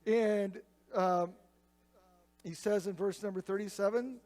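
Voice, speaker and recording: A man's voice: high voice, a little slow. A male pastor preaching a sermon, retelling a scripture story in a conversational way.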